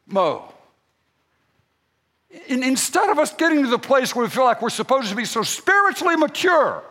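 Older male pastor, high animated voice, unhurried folksy sermon, long hall reverb. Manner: folksy storytelling preacher, rising to emphatic peaks.

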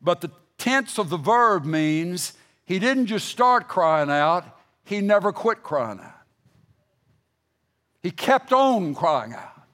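A middle-aged male preacher delivering a sermon at an unhurried, deliberate pace. His voice sits a little higher than most men's, and he swings from loud, emphatic bursts to low, hushed readings of scripture. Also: very animated.

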